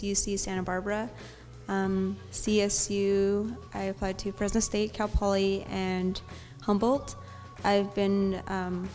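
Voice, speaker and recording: A teenage girl student speaks in a flat, listing manner with little rise and fall. A faint long reverb trails her voice, with soft music behind. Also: medium pitch. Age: teens. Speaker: student interviewee.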